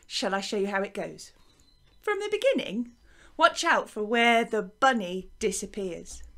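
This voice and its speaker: A woman teaching a recorded music lesson for young children, lively and encouraging in a sing-song teacher voice. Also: mid-range voice, unhurried. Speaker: primary school teacher.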